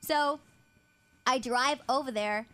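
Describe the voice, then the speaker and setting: A woman in her twenties telling a family story in casual chat, acting out the people in it with animated voices. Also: high voice, slow pace, clear, resonant tone. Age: 20s.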